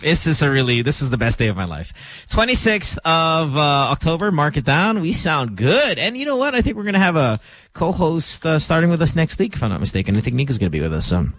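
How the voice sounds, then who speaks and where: A man hosting a morning radio show in a studio, talking casually in an animated, joking, playfully dramatic way. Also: a little high, fairly quick. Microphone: studio microphone.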